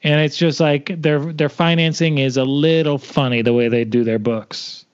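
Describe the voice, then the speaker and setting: A man's voice: fairly high pitch, fairly even intonation, moderate pace, clean tone. A man co-hosting a podcast, teasing and stubbornly holding his line in casual chat. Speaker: podcast co-host. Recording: dull lo-fi podcast audio.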